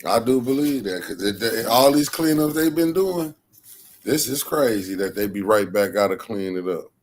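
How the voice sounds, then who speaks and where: A man's voice: lowish voice, animated, normal speed, slight background noise. A man from Michigan co-hosting a casual talk show, giving blunt and fired-up opinions. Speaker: co-host. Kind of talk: casual chat.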